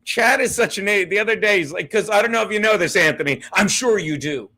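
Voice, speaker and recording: A male livestream host chats with a guest and his viewers in a brash, profane style, laughing as he busts balls. His voice sits high for a man and has a bright, forceful edge. He talks into a desk mic. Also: lively intonation, quick pace. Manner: brash, profane, laughing, ball-busting banter. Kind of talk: casual livestream chat.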